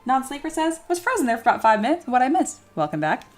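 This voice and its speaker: With a high, sing-song voice and a fast pace, a woman sculpts 3D models live on stream. She chats casually, reading viewer comments aloud and making self-deprecating jokes, with soft background music.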